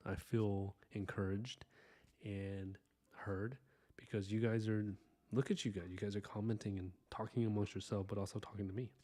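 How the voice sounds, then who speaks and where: A man hosting an art live stream, chatting casually and earnestly with viewers while he inks, full of fillers and soft asides. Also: fairly low pitch, fairly even intonation, moderate pace. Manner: earnest, rambling, warm-hearted thanks to viewers. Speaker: live-stream artist host.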